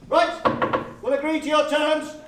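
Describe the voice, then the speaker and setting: A man playing a pompous blustering captain. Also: sits high. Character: pompous middle-aged male Home Guard captain. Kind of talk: amateur stage comedy performance. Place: theatre stage. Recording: echoey hall from far off, noisy.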